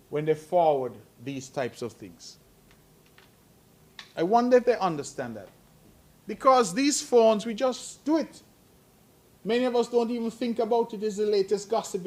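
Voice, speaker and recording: A middle-aged man giving earnest, admonishing remarks at a press conference, growing emphatic. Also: high-pitched. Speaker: head of government at a press conference.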